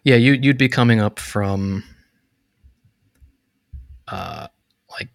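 A man narrating as game master of a tabletop game, relaxed and full of fillers. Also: lowish voice, slow, vocal fry, dry recording, clean studio sound. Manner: relaxed, hesitant, lots of fillers.

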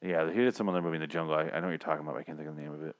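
A man's voice: a bass voice, steady tone, rapid-fire. A man co-hosting a casual movie-review podcast, swearing freely, rambling and laughing often. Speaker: podcast co-host.

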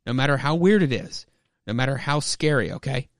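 A man voicing a calm, steady adult woman who hunts monsters, speaking in a low-key, reassuring way. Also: a little fast, no echo, studio quality, close to an everyday voice.

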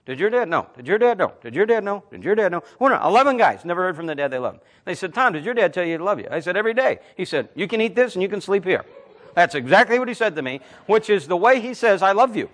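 A man in his fifties, a Christian talk host, telling stories and preaching in a blunt, emphatic, animated way. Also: high voice, quick pace, hardly any pauses. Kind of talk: conversational preaching with storytelling.

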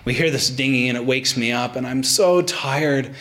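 A young man preaching a sermon, animated and casual, often restarting his sentences as he explains a passage. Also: medium pitch, moderate pace. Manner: animated, frequent restarts, acts out quotes. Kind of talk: sermon with personal anecdote.

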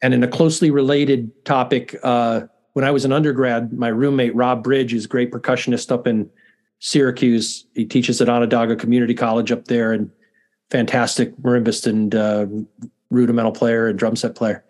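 A man's voice: mid-range voice, level tone, a little fast, darkish tone. A middle-aged man, a university dean, chatting as a guest in a casual interview, self-deprecating and often restarting his sentences.

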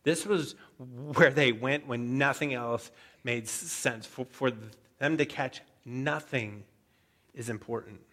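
A man preaching a sermon, telling a story with animated asides and frequent stammered restarts. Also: medium pitch, takes it slowly. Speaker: pastor.

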